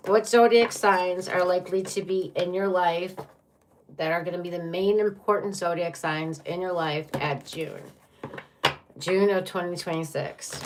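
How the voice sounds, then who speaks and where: A woman doing a tarot reading for viewers, with a fairly low voice. She talks bluntly and throws in profanity, reacting with drama to each card. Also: a little hiss or hum. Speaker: tarot reader.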